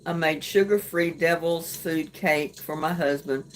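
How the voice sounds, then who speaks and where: A middle-aged woman hosting a casual late-night livestream chat, greeting viewers and talking about her day in a homey way with soft laughs. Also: sits low, measured pace. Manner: chatty, homey, laughs softly between remarks. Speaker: livestream host. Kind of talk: casual live chat reading comments.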